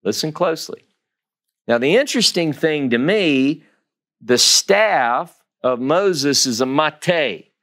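A man's voice: a little high, lively intonation, slow, fairly bright tone. A man giving a Torah teaching, reading scripture dramatically and stressing key phrases by repeating them. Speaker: Bible teacher.

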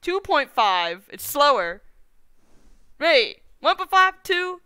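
High bright-voiced woman streamer. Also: big pitch swings, takes it slowly. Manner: thinks aloud, rambling to herself; playful folksy slang. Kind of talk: live gameplay commentary.

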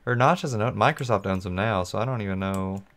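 A man's voice: fairly low pitch, a little fast, a bit bright. A man hosting his own gaming channel, giving solo gameplay commentary in a rambling, think-aloud way and talking to his viewers.

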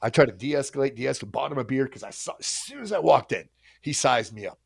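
A man coaching on a livestream, telling a story in a casual, animated and profane way. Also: medium pitch, fast, gravelly, breathy edge, no room sound, studio quality.

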